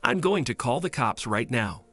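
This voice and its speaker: A man voicing a protective, stern mother who speaks in a sharp, scolding way. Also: mid-range voice, expressive, moderate pace.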